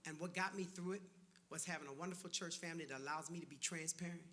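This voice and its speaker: A man's voice: fairly high pitch, fairly even intonation, quick pace, bright, forceful tone. A man who is a pastor, telling stand-up stories in a church setting with punchy asides and calls to the audience. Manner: storytelling with punchy asides and audience call-outs. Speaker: pastor doing stand-up comedy. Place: church stage before a live audience.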